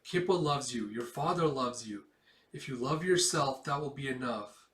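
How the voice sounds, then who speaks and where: A man voicing a weary refugee mother who speaks slowly and gently while reading a comic aloud. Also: medium pitch, expressive, lightly acted. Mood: tender. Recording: roomy, distant mic.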